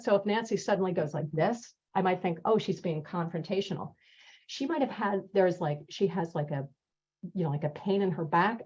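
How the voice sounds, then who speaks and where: Husky woman teaching listening skills. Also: medium pitch. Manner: lively, laughs often, acts out example lines. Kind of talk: webinar talk. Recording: muffled video call audio.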